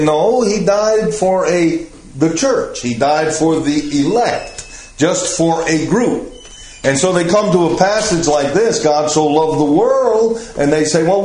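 An older man teaching a Bible class, explaining passages in a slow, measured way. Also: a little high, a little mellow. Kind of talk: Bible study lecture. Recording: echoey room.

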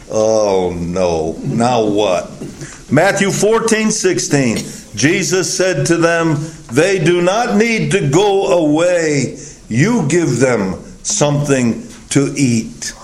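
A man's voice: a little high, a little hiss or hum. A man preaching a sermon in a conversational way, acting out the thinking of the people in his story. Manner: conversational, acts out the disciples' reasoning. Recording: echoey room, taped sermon.

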